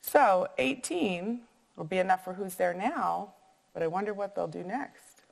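Woman teacher, storybook read-aloud with math questions; lively, musing, echoey. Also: medium pitch, unhurried, creaky. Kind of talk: reading a picture book aloud with math questions.

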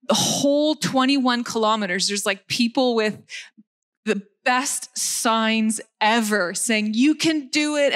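Lively woman preaching. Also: fairly high pitch. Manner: animated, laughing often, self-deprecating asides. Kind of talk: sermon.

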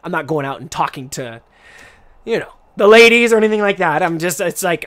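A man's voice: on the high side, lively intonation, fairly quick, a bit bright. A young man hosting a casual live-stream podcast, rambling and chatty with frequent restarts. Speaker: podcast host.

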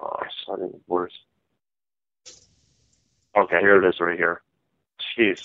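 A man's voice: low voice, level tone, takes it slowly, vocal fry, no echo. A man hosting a call-in Bible study, questioning listeners and prompting them for answers. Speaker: host leading a Bible study. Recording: dull, dry lo-fi sound.

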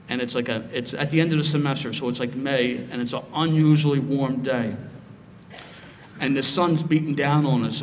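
Philadelphia man telling a story in a hall. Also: medium pitch. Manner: lively, humorous storytelling. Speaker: speaker sharing his story. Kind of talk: recovery meeting talk, storytelling. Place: meeting hall. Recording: roomy hall, faint noise.

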